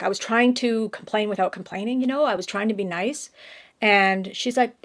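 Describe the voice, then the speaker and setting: Upset woman with a creaky voice. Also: mid-range voice, normal speed. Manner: emotional, rambling with restarts. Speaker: vlogger. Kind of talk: casual storytelling to camera.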